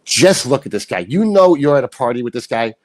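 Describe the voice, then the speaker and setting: A man co-hosting a casual podcast, animated and crude as he mocks people in videos. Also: medium pitch, a little fast, dry recording. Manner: animated, swearing, mocking. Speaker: podcast co-host. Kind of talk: casual chat reacting to videos.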